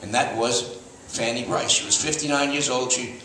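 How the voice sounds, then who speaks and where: Brief: older male storyteller, bright tone, rambling delivery, echoey room, off-mic. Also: mid-range voice, steady tone, normal speed, a little hiss or hum. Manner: rambling, restarts often, raconteur. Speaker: stand-up storyteller, veteran TV host. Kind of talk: stand-up anecdotes. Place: stage before a live audience. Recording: echoey room, mic at a distance, faint ambience.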